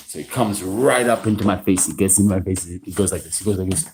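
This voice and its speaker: A man's voice: lowish voice, darkish tone, slight background noise, poor audio. A man, casually telling stories on a live stream, full of restarts and asides. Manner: rambling, halting restarts, frequent "you know" and "right". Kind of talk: casual storytelling monologue. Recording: informal live stream audio.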